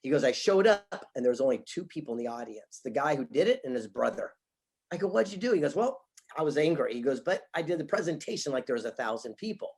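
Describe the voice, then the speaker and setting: Man, interview guest, husky voice, very expressive pitch, dramatic storyteller. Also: fast talker. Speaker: guest speaker. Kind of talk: casual interview chat.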